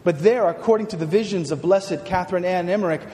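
A male preacher giving a dramatic sermon, swinging from hushed words to shouts. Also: high-pitched, fast talker. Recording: long hall reverb.

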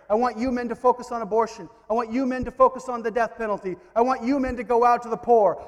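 A male preacher delivering a fervent sermon, building to exhortation with quiet asides. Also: very high voice, in a large hall.

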